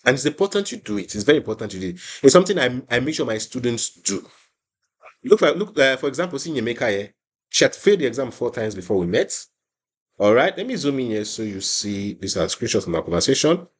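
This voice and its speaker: A man's voice: medium pitch, very animated, fast, slightly rough. Emphatic man teaching an exam class. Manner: emphatic, repeats phrases, many restarts. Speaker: IELTS tutor.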